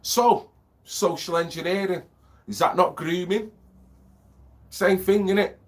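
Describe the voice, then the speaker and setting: A man's voice: sits high, fairly even intonation, unhurried. A man, a vlogger with a lingering cough, rambling and ranting, swearing freely and asking if you know what he means. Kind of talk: rambling monologue.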